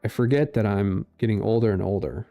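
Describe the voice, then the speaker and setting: A man's voice: on the low side, brisk, vocal fry, dark tone, faint music behind. A man in his forties reading posts and riffing on them in rambling, sarcastic casual commentary, full of fillers. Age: 40s. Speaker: political commentary streamer.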